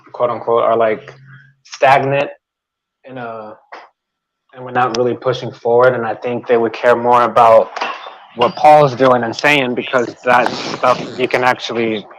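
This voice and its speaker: A man joining a livestream as a guest, answering in a hesitant, halting way with many fillers. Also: medium pitch, low-quality recording. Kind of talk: casual livestream chat.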